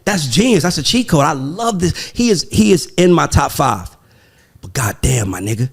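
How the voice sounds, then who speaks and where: A man hosting a podcast in casual chat, talking in an animated, emphatic, profane way. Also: fairly high pitch, normal speed, breathy edge. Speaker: podcast host.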